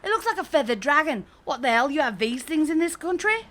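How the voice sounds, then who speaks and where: A woman's voice: high voice, sing-song, a little fast, fairly bright tone, a little hiss or hum. A woman playing a brash, sarcastic female elf detective in a fantasy audio drama. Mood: wry. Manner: sarcastic, blunt.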